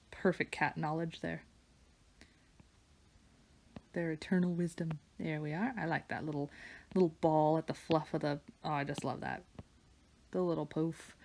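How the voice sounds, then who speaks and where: A woman with a lowish voice and a gravelly fry chats away as she draws. She meanders from story to story and drops into soft murmurs as she works. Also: fairly even intonation, normal speed, long pauses, a little hiss or hum. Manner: chatty and meandering, drifting into soft murmurs while working. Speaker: digital artist and vlogger. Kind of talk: casual chat while drawing. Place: home studio with her dog nearby.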